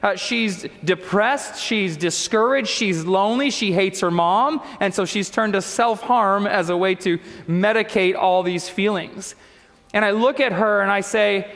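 A man preaching from the pulpit, his voice pitched high for a man. He tells a personal story with earnest feeling and acts out the people in it. The sound carries a long church-hall reverb. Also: unhurried, fairly bright tone. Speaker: pastor.

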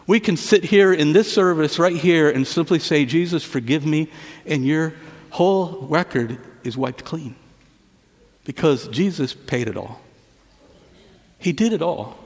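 A man preaching a sermon to a church service, retelling a parable with asides and often dropping his voice low and quiet. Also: unhurried, big-room sound. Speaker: pastor.

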